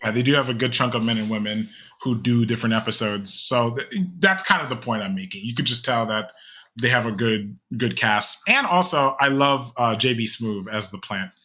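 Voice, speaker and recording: A man's voice: medium pitch, moderate pace, bright, forceful tone. A young man co-hosting a podcast, rambling casually with many fillers and restarts. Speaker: podcast co-host. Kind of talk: casual chat.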